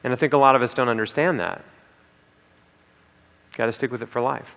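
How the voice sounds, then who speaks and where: A man's voice: mid-range voice, fairly even intonation, a little fast, vocal fry, a bit bright. Man speaking in a reverberant hall. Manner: emphatic, repeats key lines, frequent "okay?" and "right?" asides. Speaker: speaker at a conference. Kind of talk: motivational talk to an audience.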